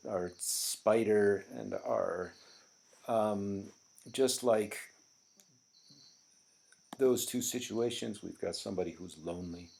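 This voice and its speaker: A middle-aged man gives a classroom poetry lecture at an unhurried pace. His fairly low voice has a gravelly edge, and he explains with many ums and restarts. Faint crickets chirp behind him. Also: darkish tone. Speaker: teacher.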